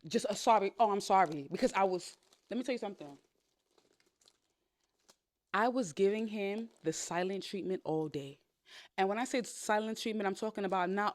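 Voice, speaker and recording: A woman's voice: mid-range voice, brisk, dry recording, clean studio sound. Blunt, sassy woman podcast host. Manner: blunt, sassy and profane, big-sister tone; animated storytelling with playful quoted voices. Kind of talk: candid advice monologue.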